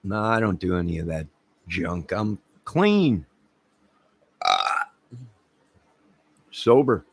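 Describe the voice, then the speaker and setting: Channel host, male, low husky voice; slow, rambling comic storyteller who acts out quotes. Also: sing-song. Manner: laughs at own jokes, acts out quotes. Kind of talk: rambling comic anecdote to camera.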